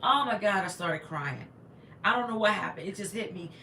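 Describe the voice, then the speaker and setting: A woman's voice: medium pitch, animated, normal speed, vocal fry, pushed and bright, roomy sound, slight background noise. A woman, a teacher, chatting casually on a livestream, greeting viewers and rambling with stumbling restarts into a laptop microphone.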